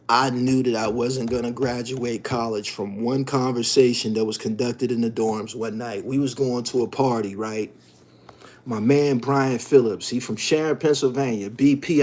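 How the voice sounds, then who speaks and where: A man hosting his own channel, delivering an emphatic, profane monologue in street slang, swinging from low mutters to loud outbursts. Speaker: channel host. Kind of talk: animated profane monologue to viewers.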